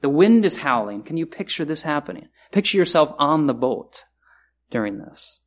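A man preaching a sermon, earnest, repeating key phrases and swinging between raised and hushed delivery. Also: a little high, very animated, normal speed.

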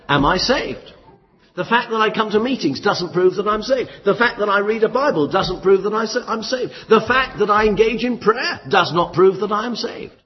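Male preacher, emphatic and lively, long echo, dull sound. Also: fairly high pitch, slightly rough. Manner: emphatic, lively expository preaching with dry humour. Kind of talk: sermon. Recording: muffled, echoey hall.

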